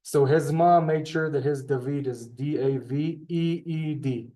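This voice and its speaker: A man's voice: on the high side, steady tone, a little slow, mellow. A man teaching a classroom language lesson, explaining step by step with many ums and asides. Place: synagogue classroom.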